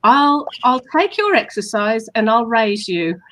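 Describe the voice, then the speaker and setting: A woman's voice: fairly high pitch, big pitch swings, unhurried, fairly bright tone. A woman co-hosting a casual coaching chat, patiently explaining steps and acting out sample compliments. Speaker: hypnotherapist co-host.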